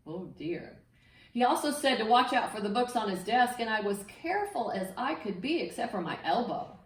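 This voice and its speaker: A woman reading a picture book aloud to children, with an expressive, sing-song delivery that invites the listeners to join in. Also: on the high side, moderate pace. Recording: echoey room, mic set far off.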